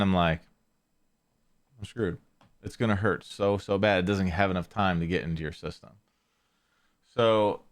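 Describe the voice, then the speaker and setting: A man's voice: on the low side, clean tone. A man hosting a podcast, telling a story in a casual, rambling way with lots of fillers and restarts. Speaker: podcast host.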